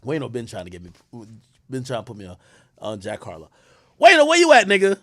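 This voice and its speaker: A man's voice: fairly low pitch, big pitch swings, a little fast, no room sound, studio quality. A man streaming live, chatting loosely with his viewers and swearing freely. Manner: loose and profane, reacting to chat, swings loud and quiet. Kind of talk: casual livestream chat.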